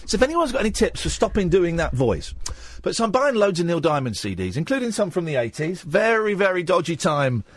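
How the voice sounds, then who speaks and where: A man hosts a late-night phone-in show, chatting loosely and poking fun at himself. His voice is a touch husky and swings widely in pitch, sometimes flicking up into a silly put-on squeak. The studio sound is close and dry. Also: sing-song, a little fast, dry recording. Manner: self-mocking, keeps slipping into a high silly put-on voice. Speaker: radio phone-in host. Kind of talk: rambling late-night radio chat. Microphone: studio microphone.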